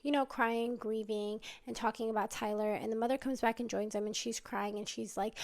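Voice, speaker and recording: A woman's voice: a little high, fairly even intonation, brisk, creaky, few pauses. A woman casually retelling a story, chatty and full of "like" and "you know". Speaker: storytime narrator.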